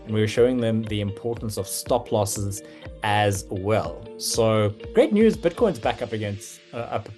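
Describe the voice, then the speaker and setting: A man hosting a casual livestream chat, halting and full of fillers and restarts. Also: fairly low pitch, animated, darkish tone, faint music behind. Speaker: host.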